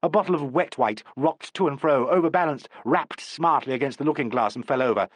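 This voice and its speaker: A man reads an audiobook in a measured, expressive way, delivering scripted narration. His pitch is medium, and there's no room sound at all.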